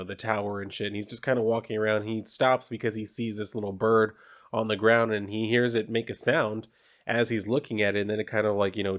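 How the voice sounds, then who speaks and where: A man casually talking through a comic book page by page, rambling with lots of fillers and blunt personal asides. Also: lowish voice. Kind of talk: casual comic review vlog.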